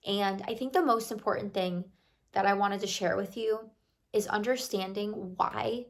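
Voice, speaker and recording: A woman's voice: mid-range voice, moderate pace. A young woman who is losing her voice, chatting to her viewers in a gushing, friendly vlog. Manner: warm, gushing, talks to viewers like a close friend. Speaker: lifestyle vlogger. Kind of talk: chatty talking-to-camera vlog.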